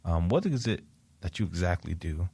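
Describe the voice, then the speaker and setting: A man's voice: low-pitched, lively intonation, moderate pace, mellow, husky, dry recording. A man hosting a casual radio show in a studio, joking and laughing often with lots of fillers.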